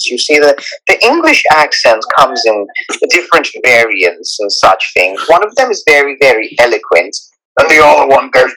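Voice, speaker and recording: A man's voice: medium pitch, big pitch swings, moderate pace, bright, forceful tone, rough recording. A man with a Persian accent who talks in a rambling, earnest way and often restarts his sentences in a casual live audio chat. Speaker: guest speaker.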